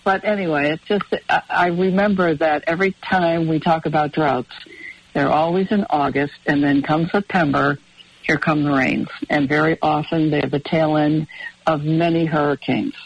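A woman's voice: sits low, steady tone, normal speed, slightly rough, no echo. A woman co-hosting a radio show, chatting casually and rambling through long anecdotes. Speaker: radio co-host. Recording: dull, dry radio broadcast audio.

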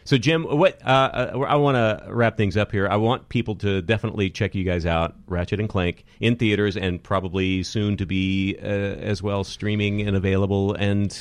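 A man hosting an interview in a relaxed, joking way. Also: fairly low pitch, normal speed, hardly any pauses, no echo. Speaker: host. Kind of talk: casual interview chat.

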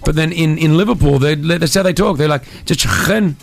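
A man's voice: fairly high pitch, gravelly, a little mellow, dry recording, faint music behind. Upbeat radio host man, jokey. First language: Arabic. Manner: upbeat, jokey, quick quiz patter. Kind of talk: radio show banter and quiz hosting.

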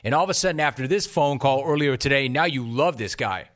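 A man's voice: medium pitch, animated, brisk, fairly bright tone. A man hosting a talk radio show, chatting wryly and reading listener messages. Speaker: radio sports talk host.

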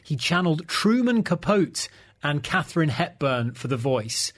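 A man's voice: fairly high pitch, very animated, normal speed. A man hosting a casual film podcast, chatty and full of trivia. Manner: chatty, trivia-telling, laughs often. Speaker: podcast host.

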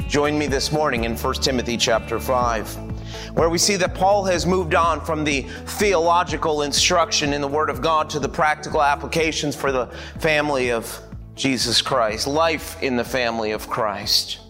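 A male pastor preaching a sermon to a congregation, telling a story with animated acted-out dialogue. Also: a little high, normal speed, music in the background.

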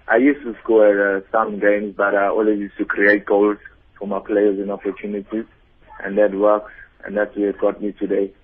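Husky man on a phone line. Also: fairly low pitch, monotone, normal speed. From South Africa. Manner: short, plain answers. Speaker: footballer interviewed by phone. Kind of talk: phone interview. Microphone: telephone.

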